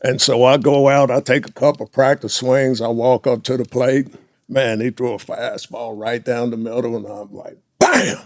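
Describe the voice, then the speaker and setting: A man in his sixties, a former pro baseball player, telling lively anecdotes in a casual chat and laughing often. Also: medium pitch, moderate pace, no echo, studio quality. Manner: animated anecdotes, laughs often, acts out quotes.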